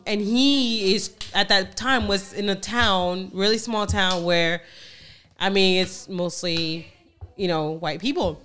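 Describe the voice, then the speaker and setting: A middle-aged woman from Texas tells a story in a casual podcast chat. Her voice is bright and forward, and she tells the story in an animated way. She laughs often and repeats phrases. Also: medium pitch, slow, a little hiss or hum. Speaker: guest telling a story.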